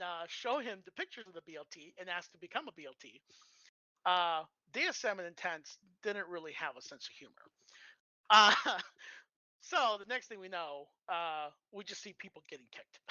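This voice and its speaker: A bright-toned storyteller on a live stream, trading in casual anecdotes with lots of halting restarts. The voice sits dry and close, but the audio is dull and lo-fi. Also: medium pitch, dry recording. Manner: halting, many fillers and restarts.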